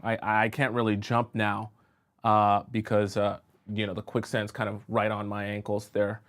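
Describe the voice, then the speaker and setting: A man voicing an overconfident woman slowly sinking in quicksand, rambling and tripping over filler words. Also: lowish voice, completely flat delivery, fairly bright tone, pitched below the performer's own voice, natural voice. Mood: nervous. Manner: rambling, with filler ums and calls for help.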